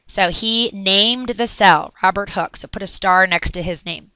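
A woman's voice: mid-range voice, measured pace, sharp tone, clean tone, dry recording. A woman teacher giving a recorded science lesson in an upbeat, chatty way with little asides.

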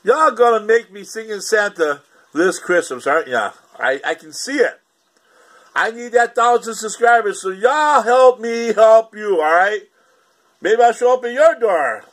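A man, chatting casually and rambling to his YouTube viewers, laughing and swearing as he goes. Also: unhurried. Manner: rambling, laughing, swearing, lively pitch swings.

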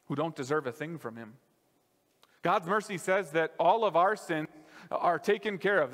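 A male pastor preaching a sermon in a church, casual and conversational, dropping softer on key lines. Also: sits high, in a large hall. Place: church sanctuary.

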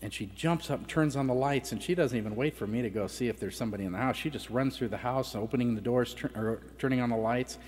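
A man's voice: medium pitch, quick pace, few pauses, a little mellow, slightly rough. Middle-aged man telling a story in a reverberant hall. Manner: conversational, acts out family dialogue. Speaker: conference speaker. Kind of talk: personal testimony storytelling. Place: conference hall. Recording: reverberant hall with faint background noise.

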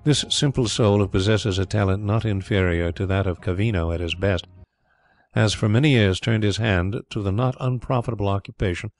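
A man voicing a calm, dryly ironic gentleman detective in an audiobook, speaking in a measured way. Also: lowish voice, natural voice. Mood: reflective.

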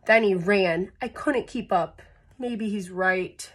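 Woman storyteller for a kids' picture book: slow, breathy, playful with sound effects. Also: medium pitch. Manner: chats to young listeners between pages. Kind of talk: children's read-aloud storytime.

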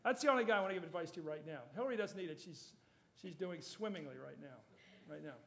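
A man answering audience questions at a forum, emphatic and animated, quick to joke. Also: sits high, vocal fry. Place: university forum hall.

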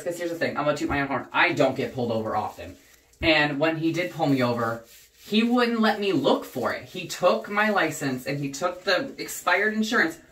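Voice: medium pitch, distant mic. A young adult vlogger rants with heavy profanity and heated energy, sitting back from the microphone. The room lends a noticeable echo to the voice. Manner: profane, heated and animated ranting. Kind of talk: casual rant while dyeing hair. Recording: roomy echo, voice away from the mic.

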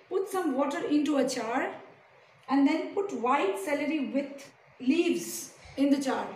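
A woman teacher giving a slow, deliberate lesson to young pupils, asking them many questions. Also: sits high. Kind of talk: recorded classroom lesson. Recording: echoey room, distant mic, faint hiss.

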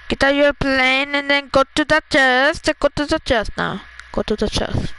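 A gamer chatting casually during a match, excitable and quick to laugh, giving a teammate quick instructions. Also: high-pitched, a little hiss or hum, low-quality recording. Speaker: gamer playing with a friend. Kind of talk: casual gameplay chat.

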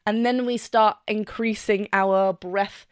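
A woman vocal coach with a mid-range voice and fairly even intonation reacts to a singing performance, taking it slowly as she analyses the technique. She's enthusiastic, eagerly breaking into short sung snippets to demonstrate notes, though the recording is very noisy.

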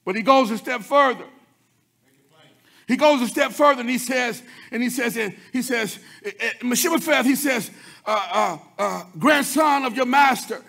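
Male preacher, high and bright, gravelly edge, shouts and sings the lines. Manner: preaching, swinging from loud chanted shouts to low quick murmurs. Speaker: pastor. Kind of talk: sermon.

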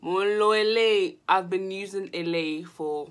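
A woman's voice: medium pitch, brisk, few pauses, clear, resonant tone. A young woman, laughing often as she talks through a makeup tutorial in a casual vlog. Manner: giggly, mixes Yoruba and English. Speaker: vlogger.

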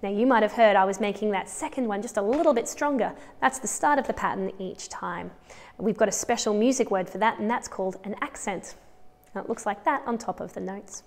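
A woman's voice: mid-range voice, brisk, long reverb tail, a little hiss or hum. A woman with an Australian accent teaching a children's music lesson, counting patterns aloud and encouraging the class.

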